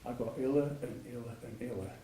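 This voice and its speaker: A man's voice: medium pitch, quick pace, warm tone, slight background noise. An older man, telling stories in a public talk, rambling with many restarts and frequent laughter. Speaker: patient speaker at a public talk. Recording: echoey hall, mic at a distance.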